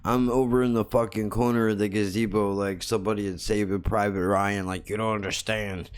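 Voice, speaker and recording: A man's voice: lowish voice, level tone, a little fast, smooth. A man hosting a podcast, telling a story in a blunt, heavily profane, casual comedic way and mocking himself as he goes. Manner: self-mocking, laughs at his own jokes. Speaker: podcast host.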